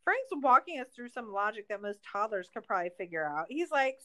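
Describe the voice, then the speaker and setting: A woman's voice: a little high, very animated, a little fast, fairly bright tone. A woman podcast host in a casual recap chat, ranting in exasperation and swearing a lot.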